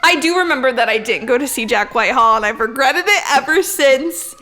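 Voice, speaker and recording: A young woman co-hosting a podcast in casual chat, excitable, swearing often and laughing a lot. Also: high-pitched, a little fast, slight background noise. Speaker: podcast co-host.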